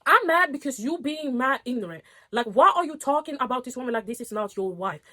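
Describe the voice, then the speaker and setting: A woman's voice: high voice, lively intonation, fairly quick, sharp tone. A young woman reading online posts aloud and reacting in a casual, outspoken way, swearing and getting heated. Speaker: storytime reactor.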